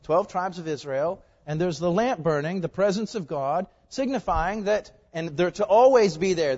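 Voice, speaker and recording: A male pastor preaching a sermon in a conversational way, asking the congregation questions and swinging between loud emphasis and quiet asides. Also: on the high side. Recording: long reverb, dull lo-fi sound.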